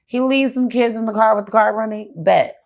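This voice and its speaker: A woman's voice: fairly high pitch, a little fast, a little mellow, highs cut off. A woman guest in a casual interview on a studio couch, speaking bluntly, heatedly and with lots of cursing.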